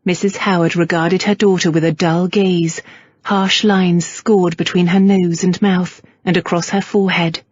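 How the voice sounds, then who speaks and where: A woman narrating a historical romance audiobook in a measured, even storytelling manner. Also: on the low side, slightly rough, no echo, lo-fi sound. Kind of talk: scripted narration.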